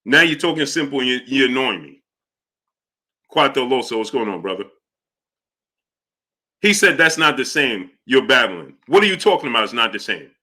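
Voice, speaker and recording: A man's voice: mid-range voice, lively intonation, normal speed, long pauses, pushed and bright. A middle-aged man hosting a live boxing talk stream, reading chat messages and repeating himself in exasperation. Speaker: boxing talk show host. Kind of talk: live-stream commentary reading super chats.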